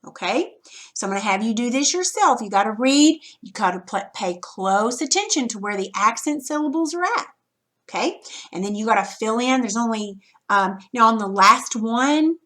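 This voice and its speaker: A woman's voice: mid-range voice, fairly bright tone. A woman teacher patiently walking students through a recorded reading lesson, step by step, checking in with frequent "okay"s.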